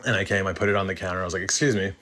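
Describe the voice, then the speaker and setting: A young man with a very low voice and a bright, forceful tone tells his own story in a casual way. He halts often and restarts his sentences, filling the gaps with likes and ums. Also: little pitch movement, racing. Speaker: caller sharing a story. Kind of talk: casual first-person storytelling.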